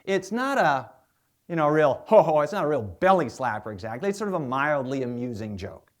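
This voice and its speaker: A man's voice: a little high, very animated, fairly quick. A man who is a historian and biographer, giving a public lecture as a chatty storyteller with plenty of asides.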